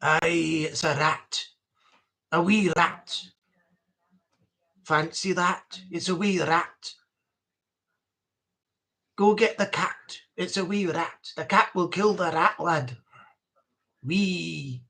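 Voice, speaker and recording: A live-stream host putting on a jokey mock-Scottish man, with sing-song, drawn-out vowels. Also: medium pitch, gravelly, bright, forceful tone, voice pushed down, exaggerated voice. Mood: gruff.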